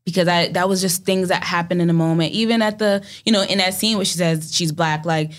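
A young woman, an actor guest in an interview, telling animated stories and acting out quotes. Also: on the low side, a little fast. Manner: animated storytelling, acts out quotes. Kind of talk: casual interview talk.

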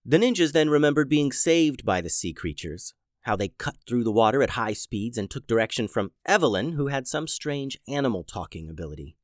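A man narrating a children's adventure story in an animated, dramatic way. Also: medium pitch, fairly quick, few pauses, no room sound, studio quality.

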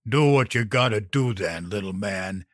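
A man's voice: fairly low pitch, moderate pace, no echo, clean studio sound, lightly acted. A man voicing a brutal, foul-mouthed adult male biker who snarls profane threats. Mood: resigned.

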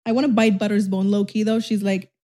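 A woman hosting a podcast, telling a personal story in a fast, emphatic, rambling way with casual cussing, close to the mic. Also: medium pitch, flat delivery, dark tone. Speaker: podcast host.

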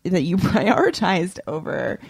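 A young woman co-hosting a podcast, talking in a relaxed, conversational way with frequent "like". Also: fairly low pitch, unhurried, slightly rough, dry recording, clean studio sound. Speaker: podcast co-host. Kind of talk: casual chat.

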